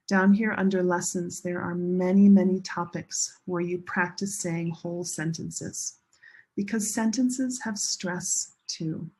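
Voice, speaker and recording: Slow, husky-voiced woman teaching pronunciation. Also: mid-range voice. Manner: slow, drawn-out modeling of sentence stress with repetition. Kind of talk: classroom lesson demonstrating an app.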